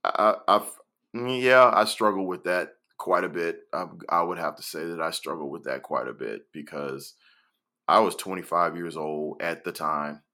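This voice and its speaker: A man's voice: sits low, normal speed, bright, forceful tone. A man in his forties, a guest on a podcast, talking casually and hesitantly with many fillers. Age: 40s. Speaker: podcast guest, school educator.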